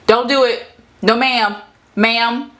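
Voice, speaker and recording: A vlogger in her thirties gives a casual, playful tour of her home office studio, chatting to the camera and now and then to her cat in high baby-talk. Her voice is fairly bright and steady, and she takes her time.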